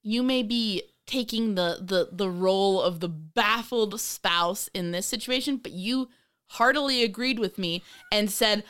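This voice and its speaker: A woman co-hosting a podcast, chatting casually in a rambling, animated way, with frequent swearing and laughter. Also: mid-range voice, a little slow, smooth. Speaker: podcast co-host. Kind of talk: casual chat.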